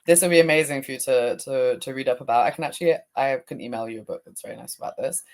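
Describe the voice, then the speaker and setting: A woman's voice: very deep voice, fast talker. A woman emotional release coach, talking as an interview guest in a reflective way, often searching for words with fillers. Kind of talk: conversational interview.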